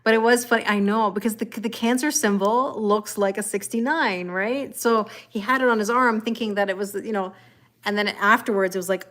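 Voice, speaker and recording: A woman's voice: medium pitch, steady tone, moderate pace, fairly bright tone. A woman reading tarot live and chatting with viewers in a rambling way, laughing often. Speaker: tarot reader. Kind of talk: live-stream chat reading viewer comments.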